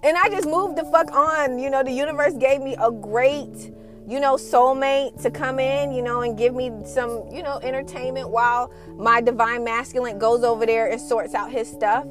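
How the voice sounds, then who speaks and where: A woman's voice: high-pitched, fairly even intonation, normal speed, music in the background. A woman hosting a casual spiritual podcast, talking in a blunt, sassy and profane way and laughing often. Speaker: podcast host and twin flame coach.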